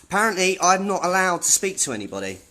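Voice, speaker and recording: A man's voice: high voice, sing-song, quick pace, bright, forceful tone. A man filming himself as he argues with staff inside a public office building, indignant and repetitive. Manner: indignant, argumentative, repeats himself. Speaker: self-filming activist. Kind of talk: confrontational self-filmed commentary.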